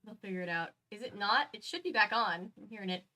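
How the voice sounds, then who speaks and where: A woman's voice: mid-range voice, lively intonation, fast talker, pushed and bright, poor audio. A woman co-hosting a casual stream, chatting and relaying viewer comments in long, rambling explanations. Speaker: stream co-host reading chat. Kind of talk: casual chat.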